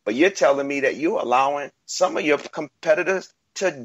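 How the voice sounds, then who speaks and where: A man with a husky voice makes his case in a heated sports debate, firm and emphatic. The recording is dull and lo-fi, with a dry sound. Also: fairly high pitch, no echo. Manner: emphatic, deliberate, argumentative.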